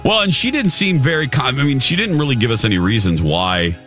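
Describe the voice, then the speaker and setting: A man's voice: mid-range voice, animated, a little fast, fairly bright tone, faint music behind. A man co-hosting a morning radio talk show, bantering casually and joking at his own expense. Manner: joking, self-deprecating, chatty. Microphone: studio microphone.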